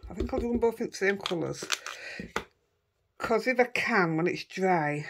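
A woman's voice: mid-range voice, creaky, slight background noise. A middle-aged woman with a Yorkshire accent chatting casually as she crafts at home, thinking aloud and poking fun at herself. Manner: rambling, self-deprecating, thinking aloud. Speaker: craft vlogger.

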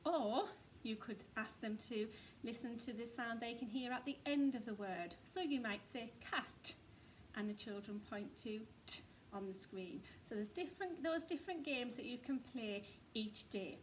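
A woman teaching a phonics lesson to young children, slow, sing-song and encouraging. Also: on the high side, a little hiss or hum.

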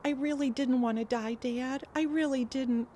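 A woman's voice: high voice, steady tone, normal speed, warm tone, slight background noise, voice pushed up, close to an everyday voice. A woman voicing the spirit of a young woman, speaking in an urgent, pleading way. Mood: anxious.

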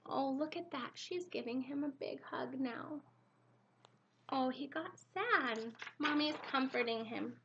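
Animated high-voiced woman reading to children. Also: slow pace, highs cut off. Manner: animated, exclamatory storytelling with gasps. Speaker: preschool teacher. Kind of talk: children's story time reading.

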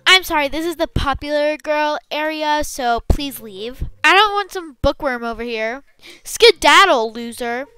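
Mean popular teen girl, played by a woman: high, bright, sneering game-roleplay voice. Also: animated, a little slow, dry recording, exaggerated voice. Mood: snobby. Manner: sneering, whiny valley-girl drawl. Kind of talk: game role-play voice acting.

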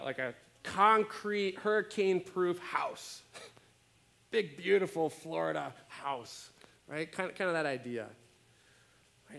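A man preaching a sermon as pastor, conversational and animated, often checking in with his listeners. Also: fairly high pitch, creaky. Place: church.

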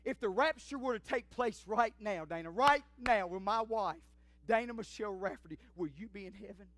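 A middle-aged pastor preaching a sermon in a church, swinging from shouts to near whispers in folksy talk. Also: male voice, high-pitched, moderate pace, no room sound. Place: church sanctuary.

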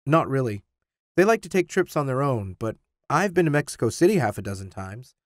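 A man's voice: medium pitch, a little fast, no room sound, studio quality, lightly acted. A man reading the part of an earnest teenage boy who takes things seriously. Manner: excited, protesting. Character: teen boy Tim, earnest, easily offended.

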